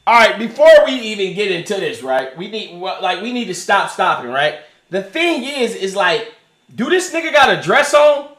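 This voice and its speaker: A man streaming and reacting to clips in casual, profane, animated chat, often laughing. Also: high-pitched, moderate pace, roomy sound, a little hiss or hum.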